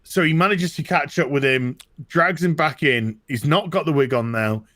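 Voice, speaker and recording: A British man telling stories in a casual chat, animated and swearing freely. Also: on the high side, moderate pace, no room sound, studio quality. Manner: animated storytelling, swearing, mock accents. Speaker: co-host.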